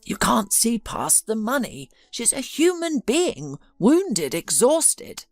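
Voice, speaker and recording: A woman's voice: on the high side, huge pitch swings, slow pace, no room sound, studio quality, faint music behind, voice pushed up, heavily acted. A woman voicing an elderly wealthy father who speaks in an insistent, scolding way.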